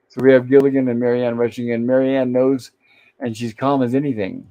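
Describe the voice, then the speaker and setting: A man's voice: mid-range voice, fairly even intonation, a little fast, creaky, mellow, rough recording. A man hosting a casual review show, retelling old sitcom scenes and quoting the characters in his own voice. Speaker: host. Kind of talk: casual episode recap, reading scenes aloud.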